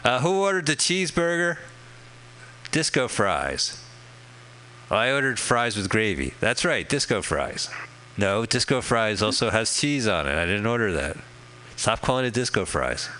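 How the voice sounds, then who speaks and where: A man's voice: medium pitch, big pitch swings, unhurried, pushed and bright, slight background noise, rough recording. A man hosting a casual radio chat, joking and rambling about a film he is watching, swearing freely. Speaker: host. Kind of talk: casual movie commentary chat.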